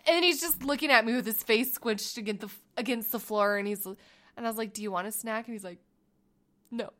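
A woman in her thirties, co-hosting a casual chat and telling family stories with animated acted-out quotes. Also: fairly high pitch, a little fast. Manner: animated storytelling, acts out quotes. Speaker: podcast co-host.

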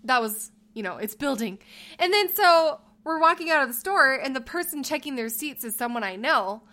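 Woman on a podcast telling a story, bright lively voice, acts out the quotes, laughs a lot. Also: sits high, moderate pace. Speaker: podcast co-host. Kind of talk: casual storytelling chat.

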